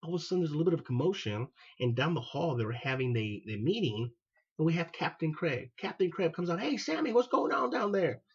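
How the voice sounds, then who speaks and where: A man, a former Marine hosting his own show, telling a personal story in an animated way and acting out what people said. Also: a little high, fast talker, breathy edge, muffled recording. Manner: animated, acts out quoted dialogue. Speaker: podcast host, former Marine.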